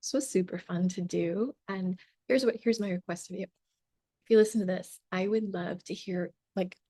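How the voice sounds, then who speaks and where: Chatty, animated woman mentor. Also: on the low side, moderate pace, slightly rough. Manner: animated, chatty, lots of "like" and "right?". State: voice tiring from long talking. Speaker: business mentor. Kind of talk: casual talk to camera.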